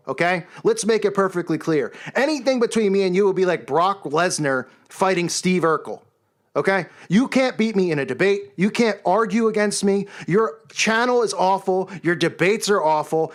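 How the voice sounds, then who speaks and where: High-pitched man ranting angrily. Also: lively intonation, normal speed. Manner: yells and raises his voice, scornful. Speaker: channel host. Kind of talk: angry monologue rant.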